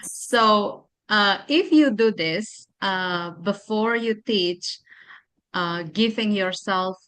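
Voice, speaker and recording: A woman with an Indonesian accent leads a mindfulness exercise during a teacher-training workshop, giving slow, repetitive instructions with many pauses. Her mid-range voice sounds fairly bright and clean.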